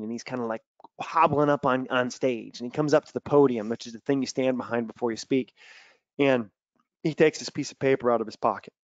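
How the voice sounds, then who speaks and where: A man coaching athletes in a lively webinar talk, telling stories and acting out quotes loudly. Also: medium pitch, no echo, muffled recording. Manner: animated storytelling with loud acted-out quotes. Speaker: mental performance coach. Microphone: video call.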